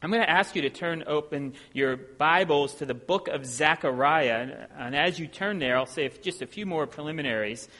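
A man from Ohio preaching as a visiting preacher, talking in a relaxed, self-deprecating way with plenty of ums. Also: a little high, moderate pace, few pauses. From Ohio, USA. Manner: conversational and self-deprecating, with many filler sounds. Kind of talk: sermon. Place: church sanctuary. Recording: long hall reverb in a church.

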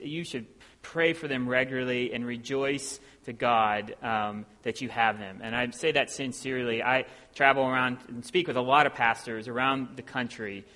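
A man from Ohio preaching as a visiting preacher, talking in a relaxed, self-deprecating way with plenty of ums. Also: medium pitch. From Ohio, USA. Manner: conversational and self-deprecating, with many filler sounds. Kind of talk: sermon. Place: church sanctuary. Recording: long hall reverb in a church.

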